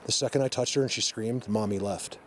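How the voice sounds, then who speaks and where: A man talks to his viewers from the woods, his voice soothing one moment and anxious the next. He sounds emotional and earnest. Steady outdoor noise sits clearly behind him. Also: lowish voice, fairly quick. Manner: emotional, soothing and fretful, addresses viewers directly. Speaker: vlogger. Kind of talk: on-the-spot nature vlog.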